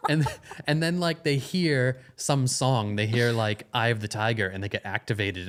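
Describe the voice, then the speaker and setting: A man's voice: mid-range voice, moderate pace, clean tone. A man co-hosting a podcast, animatedly telling a story with frequent laughs and quoted lines. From United States. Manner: animated storytelling, laughing often, quoting people. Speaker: podcast co-host. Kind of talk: casual chat.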